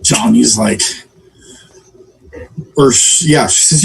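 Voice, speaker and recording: A husky, slightly higher-voiced man telling a long dirty joke as a livestream guest. He jumps his pitch up for the characters and keeps apologizing that the joke is bad. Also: animated, normal speed, poor audio. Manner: jokey, self-deprecating, acts out characters with pitch jumps.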